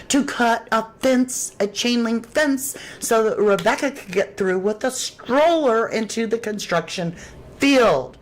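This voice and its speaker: A woman's voice: on the high side, slow. A woman hosting a true crime livestream, reading chat aloud and reacting with sudden exclamations. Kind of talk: casual livestream commentary.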